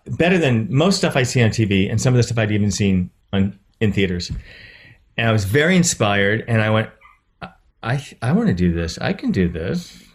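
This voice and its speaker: Animated middle-aged man telling stories. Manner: animated, acts out quoted voices with pitch jumps. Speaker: actor and producer, interview guest. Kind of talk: casual interview storytelling.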